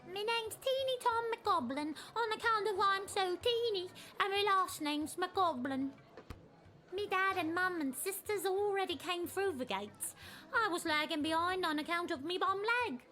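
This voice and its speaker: A woman's voice: extremely high pitch, unhurried, sharp tone, heavily acted. A woman voicing a sickly, poor little goblin boy in a video game who coughs and talks earnestly. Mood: pitiful. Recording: game audio with faint music.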